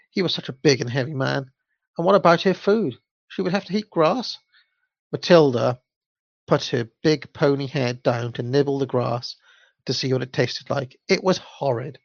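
Man, reading a children's story aloud, gravelly voice, unpolished, dry dull lo-fi recording. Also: medium pitch, no room sound. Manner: unpolished, amused at the text.

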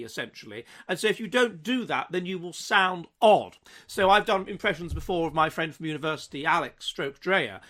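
A man's voice: sits high, bright, forceful tone. A man giving a vlog commentary monologue, lecturing in a hesitant way full of restarts.

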